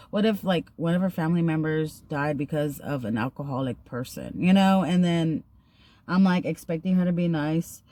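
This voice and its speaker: A young woman casually telling a story while getting ready, chatty and slangy, acting out the people she quotes. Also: low voice. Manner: chatty, slangy, animated retelling with acted quotes. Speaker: vlogger.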